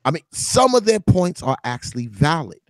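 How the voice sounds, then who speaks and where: A man's voice: on the high side, big pitch swings, normal speed, no room sound. A man hosting a podcast in casual, loose chat, swearing freely and laughing often. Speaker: podcast host.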